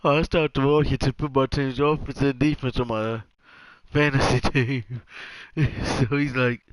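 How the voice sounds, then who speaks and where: A man giving casual, jokey commentary over a football video game, acting out the players in quick asides. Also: on the high side, lively intonation, no echo, poor audio. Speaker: gaming commentator.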